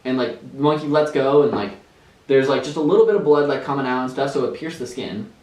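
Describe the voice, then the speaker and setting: A man's voice: mid-range voice, fast. A young man tells a story in loose, casual chat, full of "like" and "um" and breaking into laughter. His voice sits in a middle register. The mic is a little way off in an echoing room. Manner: animated, laughing storyteller with many fillers. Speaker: podcast co-host. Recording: roomy, distant mic.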